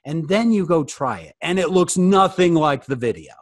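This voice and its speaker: A man's voice: on the high side, normal speed, no room sound, clean studio sound. A man giving a casual, joking fireside talk to youth over a video call, often asking his listeners questions. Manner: joking, animated, asks the audience questions. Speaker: guest speaker answering youth questions.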